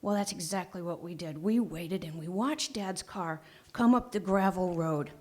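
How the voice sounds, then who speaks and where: A woman telling a childhood story on a small theater stage, animated, with dramatic pauses and hushed asides. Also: lowish voice. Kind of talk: live storytelling performance.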